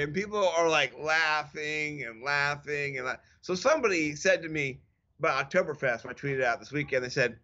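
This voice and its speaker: A man in his thirties co-hosting a casual podcast, telling stories in an animated, self-mocking way. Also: fairly high pitch, moderate pace, highs cut off. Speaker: podcast co-host. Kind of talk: casual chat.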